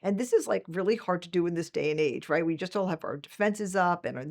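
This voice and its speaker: A woman in her sixties talks quickly in a low-set voice. She tells stories with animated energy and acts out quoted lines with sharp leaps in pitch, a guest in a conversational interview. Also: vocal fry. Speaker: guest, management professor.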